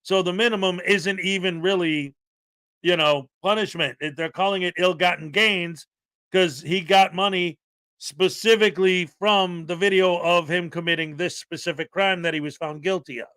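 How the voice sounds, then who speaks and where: A man's voice: high voice, fairly even intonation, normal speed, pushed and bright, dry recording. A man co-hosting a casual commentary show, explaining a court case in an opinionated, conversational way. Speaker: co-host.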